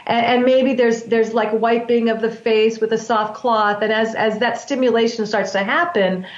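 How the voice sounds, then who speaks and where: A woman practitioner talks through breath work in long, earnest explanations, circling back and restarting her phrases. Her voice sits a little high. The recording is roomy and somewhat muffled. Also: fairly even intonation, normal speed. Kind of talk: explanatory interview talk. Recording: roomy, dull lo-fi sound.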